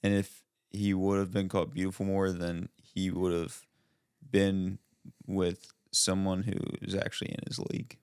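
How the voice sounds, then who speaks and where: A man's voice: low-pitched, completely flat delivery, normal speed, a little mellow, clean tone. A young man co-hosting a podcast, rambling with lots of fillers and tossing out playful questions. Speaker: podcast co-host. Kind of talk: casual chat.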